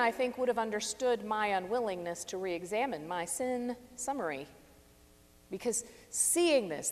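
Slow, expressive woman preaching in a hall. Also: on the high side. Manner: reflective, measured, stresses key phrases. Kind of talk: sermon. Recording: long reverb of a large hall.

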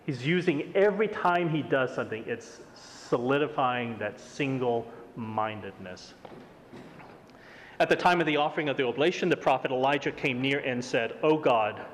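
A middle-aged man preaching a sermon, reading scripture and acting out the quotes in a lively, high voice. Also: normal speed, slight background noise. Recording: long hall reverb.

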